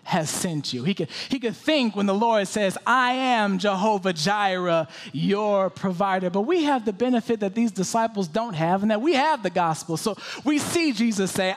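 High-voiced male preacher, dramatic swings. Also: lively intonation, normal speed. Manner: dramatic, swings from loud pleading questions to hushed whispers. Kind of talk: sermon.

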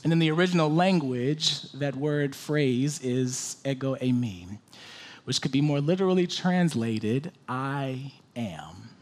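A man preaching a sermon, swinging from loud pleading questions to hushed whispers. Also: medium pitch, lively intonation, a little slow.

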